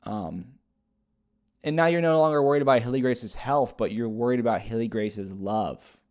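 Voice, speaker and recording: A man's voice: mid-range voice, moderate pace, a little mellow. Rambling man recapping a movie. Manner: rambling, hesitant, lots of fillers and restarts. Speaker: movie reviewer. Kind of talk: casual spoken movie recap.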